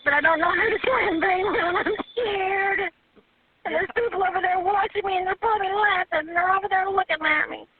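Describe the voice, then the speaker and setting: A woman's voice: very high voice, a little fast. A panicked woman calling for emergency help, crying, stammering and pleading over a phone line. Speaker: 911 caller. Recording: tinny phone line recording.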